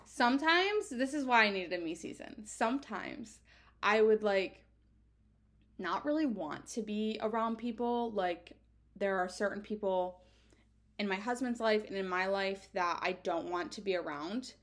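A woman's voice: medium pitch, a little slow. A woman in her twenties hosting her own podcast, talking candidly in a chatty, casual monologue full of "like" fillers and casual swearing. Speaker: podcast host.

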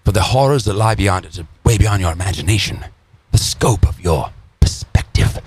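A man voicing an ominous male horror-movie narrator in a slow, dramatic, foreboding delivery. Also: low-pitched, animated, slightly rough, pitched below the performer's own voice.

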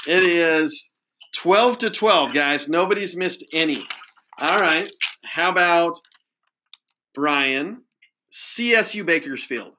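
A man runs a casual quiz between two players. His voice is bright and a touch high. He praises the answers in an upbeat way, with plenty of chatty fillers. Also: expressive, takes it slowly, pauses often, slight background noise, poor audio. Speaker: quiz host.

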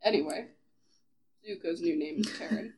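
A woman's voice: on the low side, normal speed, darkish tone, a little hiss or hum. A woman co-hosting a podcast who makes sarcastic, giggly comments during a fan fiction reading. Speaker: podcast co-host. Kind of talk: casual comic banter.

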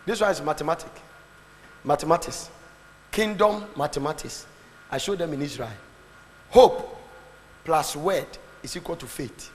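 A man preaching a fervent sermon, swinging between shouts and low asides. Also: unhurried, long pauses. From Ghana. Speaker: pastor. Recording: long hall reverb, faint background noise.

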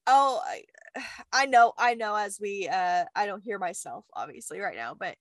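A woman's voice: mid-range voice, normal speed, no room sound. A young woman with a Southern US accent who co-hosts a podcast, chatting casually with frequent laughter and swearing. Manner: giggly, swearing, animated. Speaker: podcast co-host. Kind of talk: casual chat.

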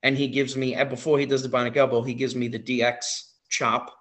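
A male wrestling impersonator, on as a guest, eagerly spins a casual tale packed with fillers and repeats. His voice is medium in pitch and moves a little fast.

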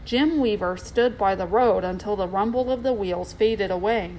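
A woman narrating a children's storybook aloud with steady, expressive delivery. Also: mid-range voice, moderate pace, slight background noise, poor audio.

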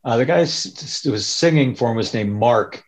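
A man's voice: medium pitch, moderate pace. Rambling casual male storyteller. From Northern California. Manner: rambling, loose, animated quoting of others. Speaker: interview guest, punk musician.

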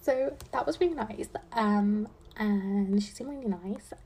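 Speaking at a measured pace in a mellow, mid-range voice with a breathy edge, a young woman in her twenties hosts a podcast while studying law. Her casual talk meanders, filled with "um" and "like," and laced with dry, teasing sarcasm.

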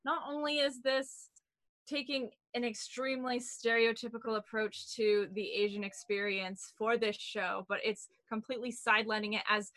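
Animated young woman, bright-pitched. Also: moderate pace, no room sound. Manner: animated, laughs while telling stories. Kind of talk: casual chat.

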